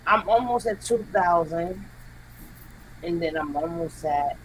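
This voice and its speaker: A guest content creator in a casual livestream chat, talking emphatically and complaining in quick bursts. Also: medium pitch, expressive, a bit bright, slight background noise, rough recording.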